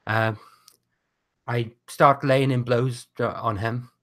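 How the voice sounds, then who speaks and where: A man talks through his wrestling moves in a tabletop game over a video call. His voice is bright and a little tense. He pauses and stumbles through lots of fillers as he works out the sequence. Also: mid-range voice, fairly even intonation. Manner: halting, many fillers. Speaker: player.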